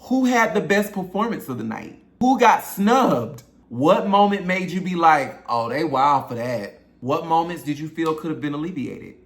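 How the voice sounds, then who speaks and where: On his own channel, this YouTube host and singer talks directly to viewers in a chatty, opinionated recap of an awards show. His voice sits on the high side, bright and forceful.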